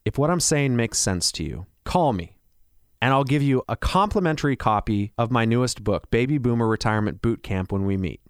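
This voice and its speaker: A man working as a financial advisor, delivering a persuasive radio pitch full of rhetorical questions. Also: lively intonation, a little fast, clean tone, dry recording, studio quality.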